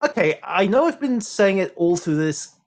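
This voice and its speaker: A man giving live esports game commentary, explaining tactics calmly with dry jokes. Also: high voice, normal speed. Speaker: esports caster.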